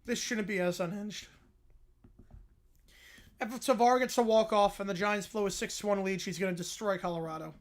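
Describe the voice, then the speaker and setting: A woman hosting a livestream, chatting casually, laughing a lot and reacting loudly. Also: medium pitch, steady tone, normal speed, long pauses. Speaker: livestream host.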